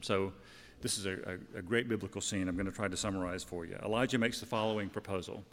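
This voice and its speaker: A man's voice: low-pitched, steady tone, fast. A man preaching a sermon, retelling a scripture story in a conversational way with fillers and self-corrections. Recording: long hall reverb.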